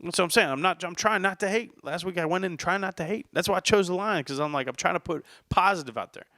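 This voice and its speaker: A man's voice: sits high, fast, bright, forceful tone, no room sound, clean studio sound. A man hosting a casual solo podcast, venting about sports with heavy cursing and a worked-up, ranting manner. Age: adult, says he is older now. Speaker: podcast host.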